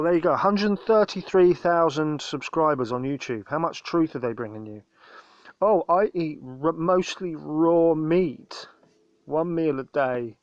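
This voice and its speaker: A man's voice: on the high side, no echo, highs cut off. A man hosting his own channel, ranting angrily in a profane, contemptuous commentary monologue. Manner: ranting, profane, repeatedly says mate; indignant and contemptuous. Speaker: channel host.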